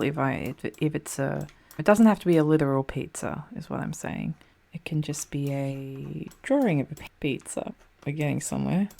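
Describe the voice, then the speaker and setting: Low gravelly Australian woman, frantic gameplay chat. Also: darkish tone. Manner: chatty, frantic, swears under her breath. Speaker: streamer playing a map game. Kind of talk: casual gameplay commentary.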